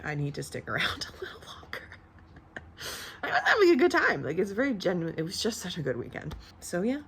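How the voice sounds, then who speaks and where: A woman's voice: low voice, fairly bright tone, a little hiss or hum. A young woman chatting casually in a book vlog, emotional, laughing often and swearing freely. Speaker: book vlogger. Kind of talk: casual chat. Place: at home.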